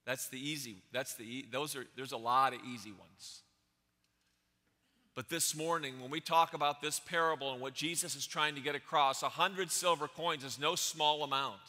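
A pastor preaching a sermon, stressing his points with repeated phrases and sudden swings between loud and soft. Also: medium pitch, fairly even intonation, normal speed, big-room sound.

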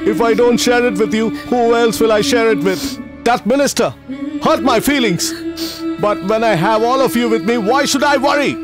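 An actor dubbing a film, playing an emotional middle-aged teacher who cares for poor orphans, speaking in a heartfelt, pleading way. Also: male voice, very high-pitched, moderate pace, music in the background. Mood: tender. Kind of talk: dubbed film acting.

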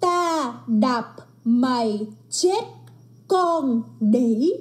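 A woman's voice: high voice, expressive, a little slow, darkish tone. A woman giving a mock language lesson, repeating phrases with a drilled, instructive cadence.

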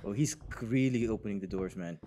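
A young man narrating a horror game as he plays, jumpy and talking to viewers, going from hushed mutters to panicked shouts, his voice getting worn. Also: lowish voice, brisk, noisy background. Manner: talks to viewers while playing. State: losing his voice. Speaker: gaming YouTuber. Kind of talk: horror game let's play commentary. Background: game music.

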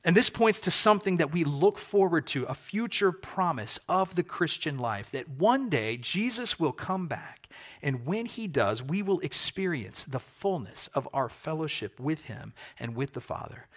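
A man preaching a sermon as pastor, earnest and emphatic, repeating key phrases and slowing down for effect. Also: on the high side, expressive, fairly bright tone.

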